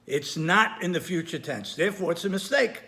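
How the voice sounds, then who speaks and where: A man giving a recorded lesson, explaining carefully with repetition, pauses and small self-corrections. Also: high voice, lively intonation, sharp tone. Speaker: Torah teacher. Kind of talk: recorded lesson on Hebrew grammar.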